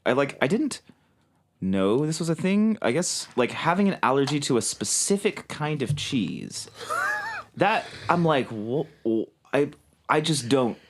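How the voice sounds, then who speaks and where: A man's voice: a little high, big pitch swings, measured pace, background noise. A man co-hosting a podcast in casual chat, reacting to stories and laughing often. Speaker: podcast co-host.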